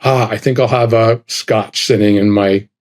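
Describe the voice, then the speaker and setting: A man's voice: lowish voice, moderate pace. A middle-aged man telling a travel anecdote in a casual chat, acting out the lines of the people in it. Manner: animated, acts out dialogue with quoted voices. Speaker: guest storyteller.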